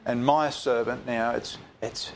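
A man leads a Bible study in a mid-range voice. He reads scripture slowly and with weight, then drops into relaxed, conversational explanation. A faint ambience hangs behind him. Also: mid-range voice, slight background noise. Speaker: Bible teacher.

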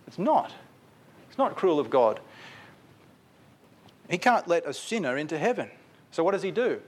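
A man's voice: on the high side, big pitch swings, moderate pace, long pauses. A man preaching a sermon in an earnest, repetitive way, putting direct questions to his listeners.

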